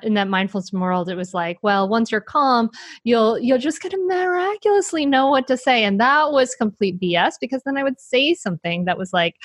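Animated woman author, dry close sound. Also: a little high, no echo. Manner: animated, laughs often, many restarts. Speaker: author and parenting coach. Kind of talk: casual interview talk.

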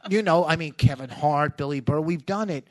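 A middle-aged man, a comedian co-hosting a podcast, telling club stories in a lively way and laughing mid-sentence. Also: a little high, moderate pace. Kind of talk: casual podcast chat. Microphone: studio microphone.

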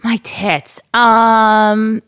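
A woman's voice: fairly high pitch, level tone, very slow, a bit bright, smooth. A woman in her thirties co-hosting a podcast, chatting casually with lots of fillers and telling stories about her little son. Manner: chatty, many fillers, tells stories with playful voices. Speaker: podcast co-host. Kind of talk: casual chat.

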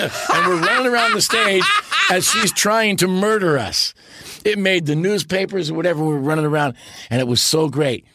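A man in his sixties, an interview guest, telling stories in an animated way and breaking into impressions and big laughs. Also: high-pitched, brisk, very noisy. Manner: launches into impressions and laughs loudly. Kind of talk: animated storytelling.

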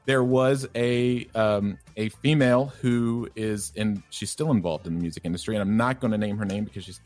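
A man's voice: lowish voice, normal speed. Easygoing man telling stories. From Southern US. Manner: relaxed storytelling, filler-heavy. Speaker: guest sex therapist. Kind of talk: conversational podcast interview.

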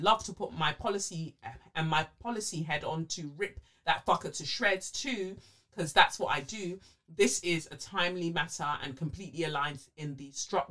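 A woman podcast co-host casually reading listener letters aloud, animated, with frequent fillers and swearing. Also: deep voice.

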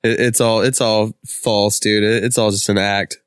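A man's voice: lowish voice, little pitch movement, normal speed, clean tone, dry recording, studio quality. A man co-hosting a casual podcast, easygoing and hesitant, with many fillers. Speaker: podcast co-host. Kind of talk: casual chat.

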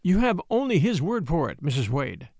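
A calm gentleman speaks gently and reassuringly, voiced by a male reader. His pitch moves easily and expressively, and the recording is close and dry. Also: moderate pace, dry recording. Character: calm, kind-seeming gentleman stranger.

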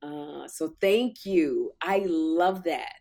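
A woman comic telling a story in lively chat, acting out quotes in a loud voice. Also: sits low, very slow, creaky. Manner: animated, acts out quotes loudly. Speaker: talk show host and comic, guest.

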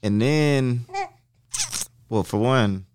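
A man's voice: medium pitch, extremely slow, darkish tone, slight background noise. A young man chatting casually as a podcast guest, laid-back and swearing freely. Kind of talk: casual chat.

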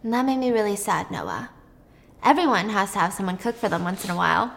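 A woman voicing a smooth, flirtatious man with a sinister charm, in her own voice and quick. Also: mid-range voice, big pitch swings, fairly bright tone, slight background noise.

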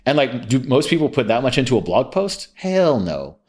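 A man's voice: medium pitch, sing-song, moderate pace, a little mellow. A young man, a copywriter, talking bluntly in casual chat, swearing freely and quoting himself. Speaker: podcast guest, copywriter.

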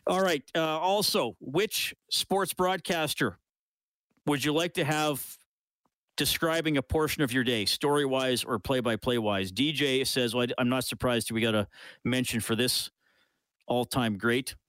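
A man's voice: mid-range voice, a little slow, fairly bright tone, no room sound. Chatty male sports radio host, dry studio. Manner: reads listener messages aloud, chatty, laughs often. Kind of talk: casual call-in sports radio chat. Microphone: studio microphone.

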